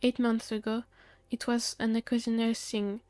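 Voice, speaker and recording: Flat-toned woman streamer reading dialogue. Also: on the high side, moderate pace, no room sound. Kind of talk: reading game dialogue aloud.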